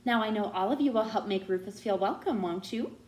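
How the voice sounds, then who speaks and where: A woman reading aloud and voicing a brisk, kindly grade-school teacher addressing her class. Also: medium pitch, a little mellow, a little hiss or hum, close to an everyday voice. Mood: coaxing. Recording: roomy echo.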